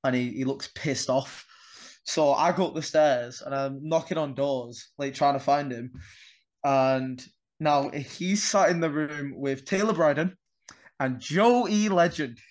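A man's voice: medium pitch, steady tone, measured pace. A young man, a wrestler guest on a podcast, telling a story in casual chat, swearing freely and acting out the dialogue.

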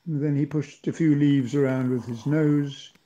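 An older man, a grandfather, reading a homemade storybook aloud gently and without hurry. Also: fairly high pitch, steady tone, unhurried, dull audio.

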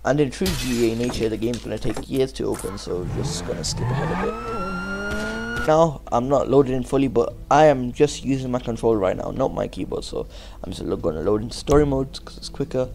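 A young gaming YouTuber casually walks through a game tutorial while playing on camera, chatty and full of slang. His mid-range voice is expressive, gravelly, and fairly quick. The room is echoey, with background noise.

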